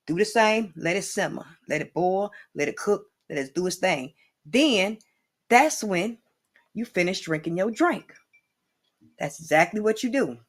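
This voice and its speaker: A woman hosts an improvised comedy cooking show at a loose, meandering pace. She talks in a playful way and keeps turning to the viewer with chatty asides. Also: mid-range voice. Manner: rambling, playful and boozy-toned, with lots of asides to the viewer.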